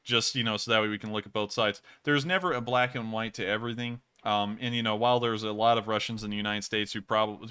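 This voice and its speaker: Male live-stream news host, earnest and rambling, bright, crisp voice. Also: on the low side. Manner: earnest, talks in long run-on explanations.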